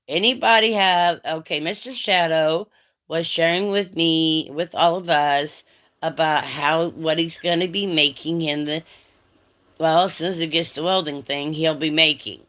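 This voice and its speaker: A woman with a low voice hosts a casual livestream chat and talks bluntly and straight to her viewers. She sounds tired and yawns now and then. Her speech is slow and unhurried. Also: a bit bright. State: tired, yawning. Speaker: livestream host.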